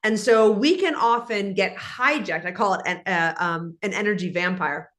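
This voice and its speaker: A woman guest in an interview, speaking in an animated, instructive way and acting out example conversations. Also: medium pitch, normal speed.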